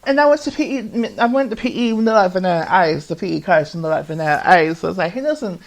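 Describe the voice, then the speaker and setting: A man's voice: high voice, quick pace, creaky. Podcast host, twenties, male. Casual confessional monologue that wanders, repeats and restarts, with an emotional edge. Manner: rambling and repetitive, with many restarts; emotional, often breaking off mid-thought.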